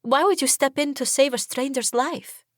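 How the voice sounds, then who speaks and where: A woman voicing a frightened, tearful young woman fleeing for her life, pleading with her voice climbing high. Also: moderate pace, a bit bright, dry recording, studio quality.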